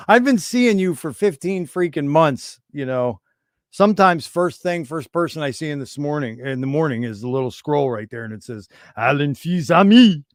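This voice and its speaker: A man's voice: on the high side, moderate pace, no echo, clean studio sound. A man hosting a casual livestream, rambling in irreverent, conspiratorial banter with his chat. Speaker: livestream host.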